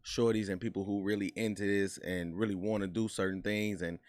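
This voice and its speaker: A man's voice: fairly low pitch, steady tone, fairly quick, dry recording. Easygoing man hosting, dry sound. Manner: easygoing, affirming interjections. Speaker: host. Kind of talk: casual interview.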